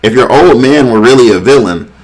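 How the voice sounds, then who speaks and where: A man talks through a chapter recap in an easy, unscripted way, stumbling over filler words as he reads out character lines. His voice sits at an ordinary middle pitch. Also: expressive, brisk. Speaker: manga reviewer.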